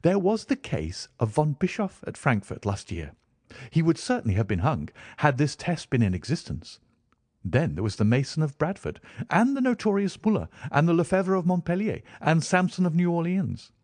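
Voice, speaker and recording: A man voicing an eager, brilliant young male detective, talking quickly and enthusiastically in a raised voice. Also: medium pitch, sing-song, darkish tone, husky, no room sound, clean studio sound, voice pushed up. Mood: enthusiastic.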